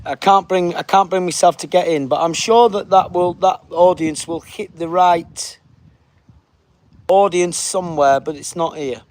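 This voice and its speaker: A man's voice: sits high, a little slow, darkish tone. A man hosting a casual livestream, chatting and reading viewer comments aloud. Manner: chatty, reads viewer comments aloud, says big up yourself; puts on a flight announcement voice. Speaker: livestream host.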